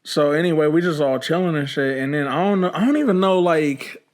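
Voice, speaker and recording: A man's voice: on the high side, animated, brisk. A young man co-hosting a podcast, chatting casually and telling rambling stories full of slang and fillers. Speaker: podcast co-host. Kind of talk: casual chat.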